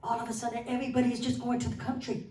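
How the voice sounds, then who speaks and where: A woman's voice: on the high side, racing. A woman telling a personal story to a church group, acting out the conversations in it. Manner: animated, acts out quoted dialogue. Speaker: guest sharing a testimony. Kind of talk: casual storytelling testimony. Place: church hall. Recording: roomy hall, mic far off, faint noise.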